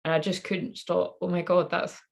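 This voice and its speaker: Woman, thirties, deep voice, tarot reader, candid rambling monologue. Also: flat delivery, normal speed, creaky. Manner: candid, swearing, trailing off.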